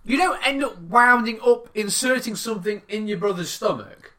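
Lively, chatty man with a bright voice. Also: high-pitched, moderate pace. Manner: animated, rambling, laughs a lot, swears. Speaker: podcast co-host reading news stories. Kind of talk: casual podcast banter.

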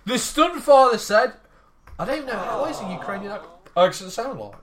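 Man, podcast co-host, high voice, very lively pitch, casual comic chat. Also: moderate pace, crowd noise. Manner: laughs through his reading, animated. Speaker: podcast co-host reading news stories.

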